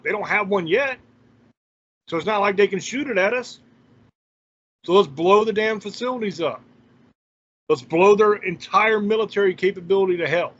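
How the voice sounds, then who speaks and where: A man's voice: sits high, fairly bright tone. A man hosting his own channel, delivering a heated opinion rant in a blunt, profane and scornful way. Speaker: channel host. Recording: dull lo-fi recording.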